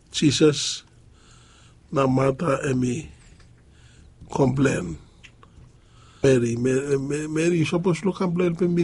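Slow husky male preacher. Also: medium pitch, darkish tone. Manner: halting, with frequent pauses and fillers. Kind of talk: sermon.

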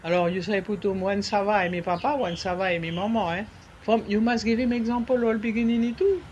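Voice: mid-range voice, fairly even intonation, fairly quick, a little mellow, lo-fi sound, slight background noise. A nurse with a Ni-Vanuatu accent giving casual health advice and slipping French words into the talk.

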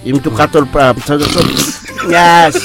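Male radio co-host, slightly high voice, sing-song rambling, faint music underneath. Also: normal speed. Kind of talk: casual radio chat.

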